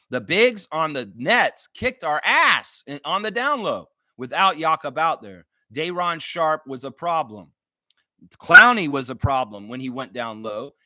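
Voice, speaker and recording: A man's voice: medium pitch, bright, forceful tone, no echo. A man hosting a live basketball reaction stream, ranting with heavy swearing and reading viewer comments aloud. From Canada. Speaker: sports fan channel host.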